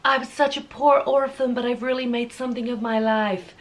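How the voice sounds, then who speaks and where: A woman's voice: a little high, fairly even intonation, normal speed, voice pushed up, close to an everyday voice. A woman mockingly voicing a sentimental, self-pitying young orphan woman from a novel, in an overdone, sappy delivery.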